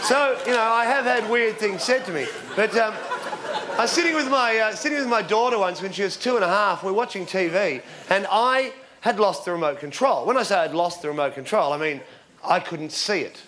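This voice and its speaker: This forties-aged stand-up has a high voice and delivers a little fast. Onstage before a live audience, he spins meandering, deadpan tales with filler words and shouts the punchlines, while the crowd laughs and applauds loudly amid background noise.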